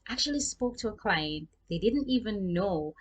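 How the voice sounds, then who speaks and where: A woman's voice: medium pitch, animated, normal speed, breathy edge, dull audio. A young Jamaican woman giving chatty freelancing advice and talking straight to her viewers in a casual vlog. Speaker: freelancing vlogger.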